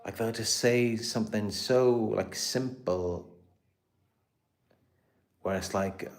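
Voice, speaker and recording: A man's voice: lowish voice, slow, pauses often. A man with a British accent hosting a live stream, talking casually, rambling and repeating himself with lots of fillers. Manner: rambling, repeats words and restarts, many "you know" fillers. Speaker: host of a live stream about narcissistic abuse.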